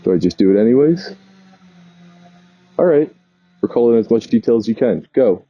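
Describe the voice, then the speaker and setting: A man's voice: lowish voice, lively intonation, fast talker, husky, dry recording. A man from New York casually telling a meandering travel story, often stopping to correct himself. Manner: meandering, self-correcting, chatty. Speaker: vlogger. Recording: dull lo-fi sound.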